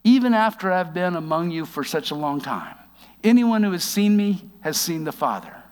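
A man giving a conversational sermon, reading scripture aloud and explaining it with wry asides, slowing down for emphasis. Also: high voice, sing-song, long reverb tail. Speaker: preacher.

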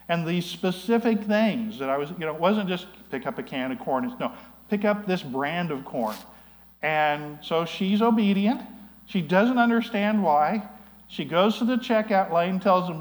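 Storytelling male pastor, slightly high voice. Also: normal speed, rough recording. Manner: storytelling, conversational with frequent "you know". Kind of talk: sermon.

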